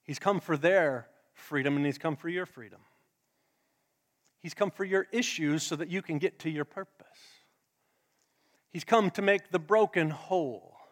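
A male pastor preaching a sermon to a live congregation, dramatic, swinging between loud emphasis and hushed asides. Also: on the high side, measured pace, pauses often. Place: church sanctuary with a live congregation. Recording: long church hall reverb.

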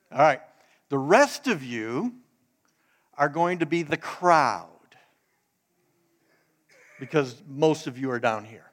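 A man's voice: a little high, a bit bright. A man preaching a casual, joking sermon who talks straight to the congregation and gets them to take part. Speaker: pastor. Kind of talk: sermon with audience participation.

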